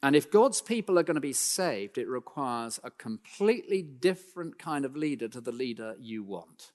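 A man preaching a sermon in an emphatic style, climbing in pitch and force for key points, then dropping low and quiet, with dry self-deprecating asides. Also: very animated, normal speed, big-room sound.

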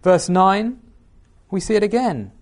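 A man's voice: high voice, expressive, measured pace, darkish tone. A man preaching a sermon, reading scripture aloud and asking the listeners questions.

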